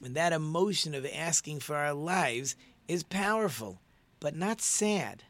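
A middle-aged man who leads prayers gives an informal religious teaching. His voice sits a little high for a man, and he talks earnestly, repeating key words to drive them home. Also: animated, measured pace, fairly bright tone, no room sound.

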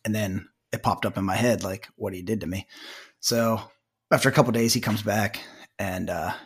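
A man's voice: fairly low pitch, steady tone, moderate pace, husky. A young man, a former army medic, casually telling stories on a podcast and laughing at his own punchlines. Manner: laid-back anecdotes, laughs at own punchlines. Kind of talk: casual storytelling.

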